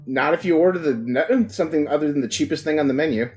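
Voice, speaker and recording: A man's voice: a little high, fast talker, darkish tone. A man playing a tabletop game, cracking jokes and planning the party's moves. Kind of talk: casual in-character play.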